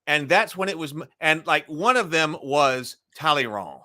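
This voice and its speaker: A man's voice: fairly high pitch, normal speed, sharp tone. A man hosting a casual film discussion, talking in a rambling way with frequent restarts. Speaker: podcast host.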